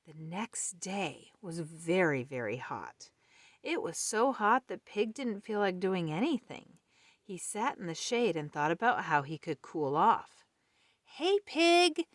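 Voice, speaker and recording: Slow, gentle woman reading a storybook. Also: fairly low pitch, expressive, no room sound. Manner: gentle, friendly. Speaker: storybook reader. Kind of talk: reading a children's book aloud.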